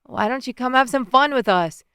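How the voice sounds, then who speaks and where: A drunk young college hockey player slurs his taunts with a swaggering, leering edge, a woman narrator putting him on. The voice stays smooth and full, close and dry with no room around it. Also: sits high, moderate pace, a bit bright, no echo, voice pushed up. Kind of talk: audiobook character voice.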